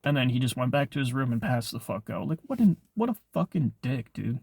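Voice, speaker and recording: A man's voice: mid-range voice, fast talker, creaky, no echo, studio quality. A young man casually telling a personal story on his vlog, rambling, with lots of filler words and swearing. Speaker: vlogger.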